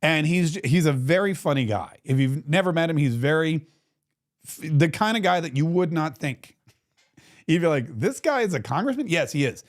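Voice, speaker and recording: Rambling, animated male political show host. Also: on the high side, normal speed. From Florida. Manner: rambling storyteller, animated impressions. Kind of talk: casual political commentary.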